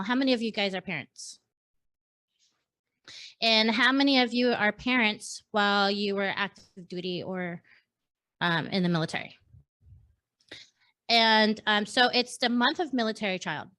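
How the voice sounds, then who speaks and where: A woman in her thirties from San Diego hosting a casual panel chat, telling stories in a chatty, animated way. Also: medium pitch. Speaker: host.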